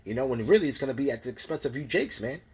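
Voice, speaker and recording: Very husky man teaching scripture. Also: mid-range voice, lively intonation, low-quality recording. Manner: tags lines with "man, you know?", stammers restarts; reads scripture slowly and deliberately. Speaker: religious teacher.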